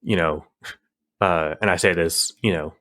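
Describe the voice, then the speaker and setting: A man with a low-pitched, sharp-toned voice takes his time as he co-hosts a podcast. He chats casually and meanders, often using fillers and restarting his thoughts.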